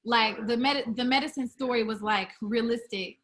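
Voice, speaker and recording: A woman's voice: on the high side, normal speed, fairly bright tone. A young woman who sings R&B, chatting casually in an interview, full of fillers and restarts. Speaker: R&B singer, interview guest.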